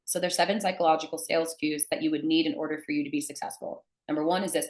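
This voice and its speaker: Young adult woman, sales coach, emphatic and blunt, lowish voice, echoey room. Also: steady tone, racing, few pauses. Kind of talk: teaching to camera.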